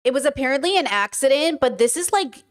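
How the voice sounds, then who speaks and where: Chatty, frank woman with a lively voice. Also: high-pitched, fast talker. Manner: chatty, frank, swears, frequent "like" and "okay". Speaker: podcast host reacting to clips. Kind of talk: casual commentary.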